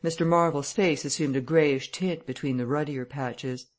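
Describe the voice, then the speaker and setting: An audiobook narrator reading a classic novel in a steady, measured way. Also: medium pitch. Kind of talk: scripted narration.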